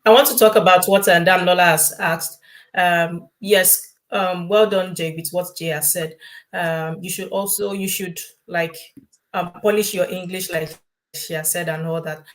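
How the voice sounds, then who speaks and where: A woman science teacher speaks on a live-stream panel, drawing on her own experience. Her voice sits fairly low, and her speech is full of hesitations and ums. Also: steady tone, measured pace. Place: works in the UK.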